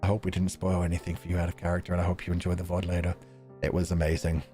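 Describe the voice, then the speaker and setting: A young man streaming casually, chatting with viewers in an animated way, laughing often and swearing casually. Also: low-pitched, very fast. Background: faint background music.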